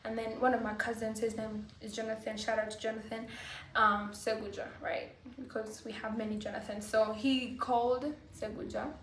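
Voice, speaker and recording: A woman vlogger telling a personal story to camera, halting and full of fillers like "like" and "you know". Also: a little high, little pitch movement, fairly bright tone. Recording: roomy echo, faint background hiss.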